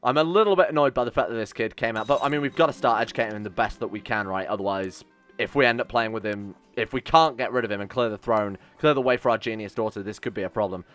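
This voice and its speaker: A man's voice: fairly low pitch, quick pace, fairly bright tone, soft background music. A man commentating his own strategy game play, reading event text aloud and reacting with sarcasm and swearing. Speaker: let's-play host.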